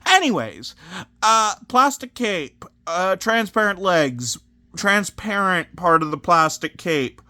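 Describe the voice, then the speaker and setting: A man with a slightly high voice talks through a toy set review at a slow, unhurried pace. He rambles, makes wry self-deprecating asides and keeps drifting off topic. The sound is dry and close. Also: big pitch swings, bright, forceful tone, no room sound.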